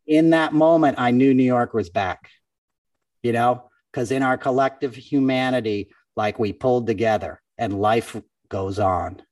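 An unhurried comedian guest, a man with a mid-range voice, spins a story in relaxed conversation, animatedly performing the voices of the people involved. The recording is dry, with the podcast microphone placed at a distance.

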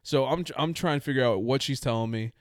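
A man's voice: mid-range voice, fairly quick, no echo. Rambling man telling a story, dry sound. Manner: rambling, self-mocking, laughs through his own story. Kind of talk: casual storytelling.

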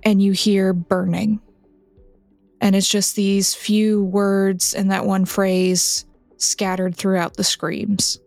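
A woman narrating a tabletop game as game master, in a measured, descriptive way. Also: medium pitch, little pitch movement, darkish tone, no room sound, faint music behind.

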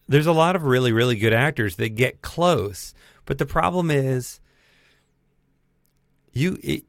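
A man's voice: medium pitch, moderate pace, gravelly, no room sound, clean studio sound. A man co-hosting a podcast, chatting casually and with opinions in a film review. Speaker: podcast co-host.

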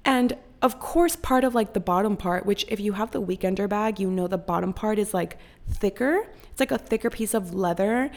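Chatty young woman with heavy vocal fry. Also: mid-range voice, moderate pace, a little mellow. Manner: chatty, heavy "like" filler, frequent swearing. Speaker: content creator. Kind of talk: casual storytime.

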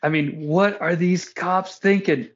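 A man hosting a casual podcast, recapping wrestling in an animated, joking way with casual swearing. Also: high voice, unhurried. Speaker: podcast host. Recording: dull lo-fi podcast audio.

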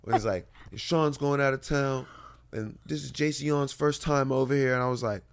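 A man's voice: medium pitch, fairly even intonation, normal speed, clean tone. A man in his thirties, a guest in an interview, telling stories in a laid-back, drawling way and swearing freely. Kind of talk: casual storytelling.

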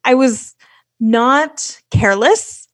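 A woman's voice: a little high, extremely slow, fairly bright tone, no room sound, clean studio sound. A woman talking as a podcast guest in a loose, chatty way, full of fillers. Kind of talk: casual interview chat.

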